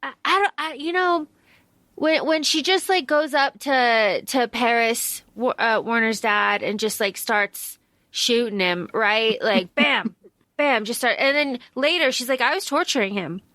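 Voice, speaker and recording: A young woman co-hosts a casual book podcast with a high voice. She talks bluntly and swears freely. Her voice is recorded close and dry, with no room sound. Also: a little slow, pushed and bright, no room sound. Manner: blunt, swears freely, acts out characters mockingly. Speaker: podcast co-host.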